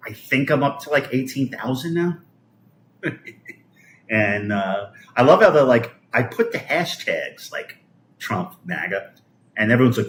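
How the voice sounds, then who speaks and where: On a live stream, a middle-aged man from Brooklyn, New York, tears into politics with foul-mouthed contempt, halting and starting over again and again. He speaks at a medium pitch in a sing-song, fairly bright tone, and the recording sounds roomy.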